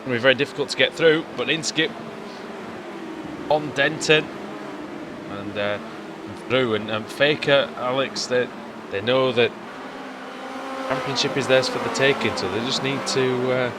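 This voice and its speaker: A man commentates a sim race live in a chatty, rambling way, full of fillers and asides. His voice sits at an ordinary middle pitch. Race car engines are clearly heard behind him. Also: a little slow, pauses often, noisy background.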